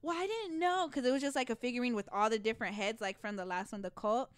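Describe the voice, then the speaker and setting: A woman co-hosts a casual podcast, her voice a little high and fast, with a clean tone and no echo. She's an animated storyteller who laughs often.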